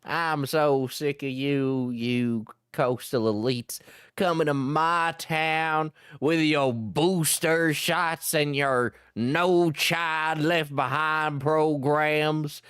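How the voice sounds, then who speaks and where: A man voicing an angry backwoods hillbilly with a booming country twang, ranting and frenetic. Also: expressive, measured pace, smooth, dry recording, studio quality.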